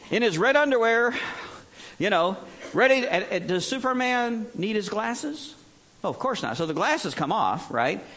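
A man's voice: very high voice, fairly bright tone. A middle-aged man preaching a sermon in a plain conversational way, joking and sometimes mimicking others in exaggerated bursts. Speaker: pastor.

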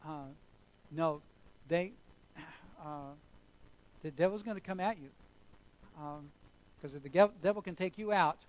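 Male pastor, sermon delivery, slightly high voice, emphatic repetition. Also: measured pace, long pauses, poor audio. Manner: emphatic, storytelling, repeating phrases for effect.

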